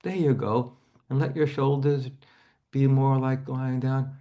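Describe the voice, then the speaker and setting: Guy leading a therapy demo on a video call, slow and gentle, goes quiet and hushed sometimes. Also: mid-range voice, flat delivery. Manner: slow, gentle, guiding, often drops to a hush. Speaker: seminar teacher, therapist.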